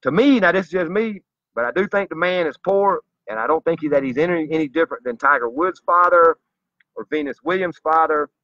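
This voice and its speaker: A man's voice: a little high, lively intonation, brisk, fairly bright tone, no echo. A man delivering a zealous, preachy monologue straight to his viewers in a slightly dull lo-fi recording. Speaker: vlogger. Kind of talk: earnest direct-to-camera monologue.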